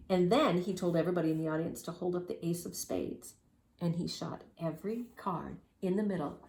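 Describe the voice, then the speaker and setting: A woman with a lowish voice reads a children's story aloud, lively and expressive, adding spoken sound effects. The recording has a roomy echo.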